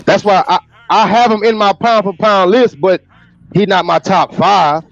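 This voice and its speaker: A man from Texas in a casual boxing chat, halting and repeating words as he ranks fighters. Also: high-pitched, fairly even intonation, creaky. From Galveston, Texas. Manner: halting, repeats words while ranking boxers. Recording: dull lo-fi call audio with faint noise.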